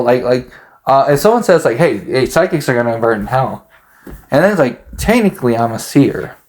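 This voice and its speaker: A man talking in a rambling, hesitant monologue, full of fillers and restarts. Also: fairly high pitch. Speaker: podcast host.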